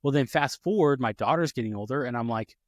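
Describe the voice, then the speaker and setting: Animated man telling a story. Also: medium pitch, quick pace, no echo, studio quality. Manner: animated, acts out quoted voices, many restarts. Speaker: podcast co-host. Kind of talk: casual storytelling chat.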